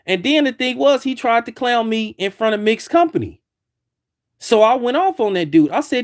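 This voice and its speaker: In a very high-pitched voice with lively intonation and a moderate pace, a man delivers heated opinion commentary. He argues his point by repeating himself and restarting lines again and again.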